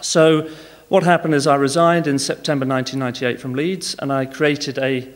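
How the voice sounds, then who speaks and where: A man's voice: mid-range voice, fairly even intonation, normal speed, big-room sound. A man speaking at a conference, telling frank, wry business anecdotes.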